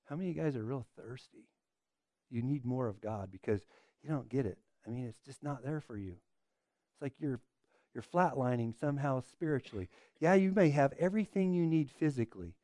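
A pastor preaching a sermon in a mellow, dark-toned male voice. He presses his listeners with rhetorical questions and stumbles over repeated words as he builds his points. The sound is dry and close, with no room around it. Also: mid-range voice, lively intonation, fairly quick, no room sound.

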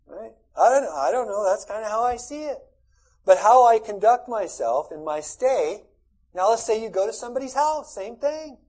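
Man, middle-aged pastor, folksy conversational sermon, high voice, husky tone. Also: expressive, moderate pace, darkish tone, rough recording. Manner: conversational, folksy preaching with asides.

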